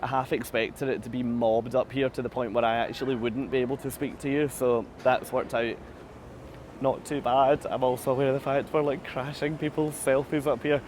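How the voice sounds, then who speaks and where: A man's voice: medium pitch, level tone, normal speed, a little mellow, slight background noise. A man vlogging live from the deck of a cruise ship. He answers viewer comments in a chatty, self-deprecating way, laughs often, and is slightly out of breath. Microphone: phone camera held at arm's length.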